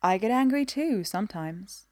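A woman reading a storybook voicing a gentle, tired foster mother who speaks softly and tenderly. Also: mid-range voice, expressive, moderate pace, no room sound, studio quality, natural voice. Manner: soft, tender, hushed.

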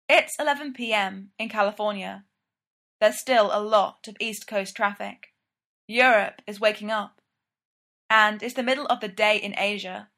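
A woman narrating a story in a steady, even storytelling manner. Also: medium pitch, unhurried, gravelly. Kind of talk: scripted narration.

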